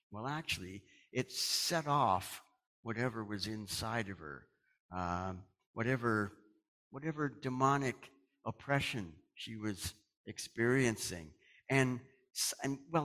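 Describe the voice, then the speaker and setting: A man's voice: medium pitch, fairly bright tone. A middle-aged man from Canada, a pastor talking to his congregation in a chatty, folksy way, chuckling often. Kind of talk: casual sermon announcements and storytelling.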